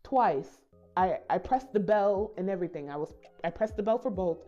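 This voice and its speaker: Here a Caribbean woman who makes storytime videos talks at normal speed and medium pitch, telling viewers a relaxed story. Animated throughout, she acts out what people said in their own voices, over soft background music on a slightly dull recording.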